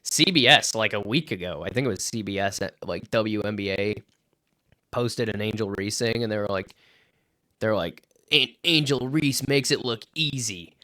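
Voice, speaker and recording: A man co-hosting a casual sports podcast, telling stories with lots of swearing and acting out quotes loudly. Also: on the low side, normal speed, dry recording. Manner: animated storyteller, swears freely, acts out quotes loudly. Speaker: podcast co-host.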